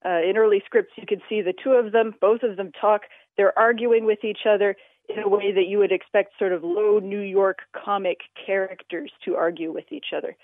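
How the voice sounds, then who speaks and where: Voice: medium pitch, fairly even intonation, moderate pace, dry recording. An interview guest explaining language history in a radio interview, talking with many filler sounds. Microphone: telephone. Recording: tinny phone line, dry.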